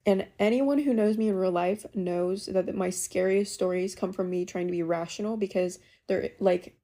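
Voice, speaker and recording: A young woman casually telling a ghost story she lived through, in a chatty, animated way. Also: medium pitch, normal speed. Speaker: caller sharing a ghost story.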